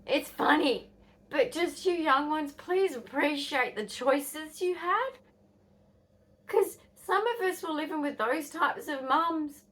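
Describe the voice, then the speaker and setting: A woman's voice: high voice, expressive, takes it slowly, fairly bright tone. An Australian woman in her fifties telling a rambling, blunt story to camera, swearing and dropping into whispers. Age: 50s. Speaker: vlogger.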